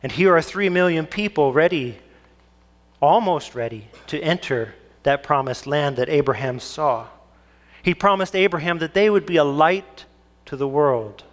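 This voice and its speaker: A young man preaching a sermon from the pulpit. His voice sits a little higher than most men's. He keeps turning questions back on the congregation, and a long reverb trails every phrase through the sanctuary. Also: moderate pace. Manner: asks the congregation rhetorical questions. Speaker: pastor.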